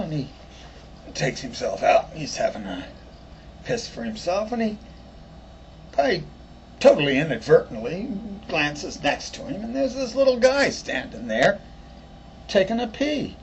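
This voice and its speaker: A man telling a joke in a chatty, lively storytelling manner with fillers. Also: on the high side, slight background noise, poor audio. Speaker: joke teller.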